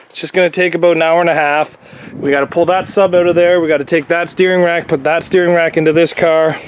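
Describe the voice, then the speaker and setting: A man with a fairly high voice chats his way through a repair job. He jokes and gets worked up easily, talking half to himself and half to his viewers. Clear workshop noise sits behind him. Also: fast. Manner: chatty, excitable, jokey self-talk. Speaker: workshop vlogger. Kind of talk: casual workshop vlog. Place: garage workshop. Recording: noisy workshop.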